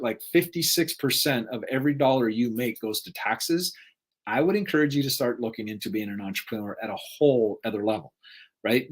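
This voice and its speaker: A man in the middle of an earnest motivational talk, his voice pitched in the middle range. He speaks in a rhetorical, emotional way and keeps checking in with "right?" as he builds each point.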